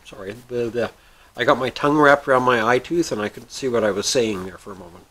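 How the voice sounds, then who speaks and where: A man hosting a story and joke segment, who talks in a folksy, chuckling, unhurried way. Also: medium pitch, sing-song, gravelly, fairly bright tone, husky, rough recording. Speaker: host.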